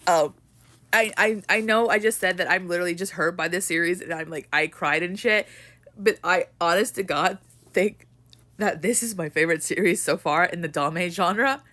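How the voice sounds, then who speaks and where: A woman's voice: fairly low pitch, moderate pace, pushed and bright. A young woman ranting emotionally about a book in a casual vlog, swearing and rambling with lots of "like". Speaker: book vlogger.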